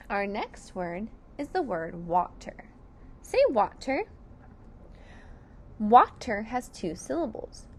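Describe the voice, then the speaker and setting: Slow, careful woman teaching phonics. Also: medium pitch. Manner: slow and over-enunciated, sounding out syllables. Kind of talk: slow, deliberate phonics lesson for children.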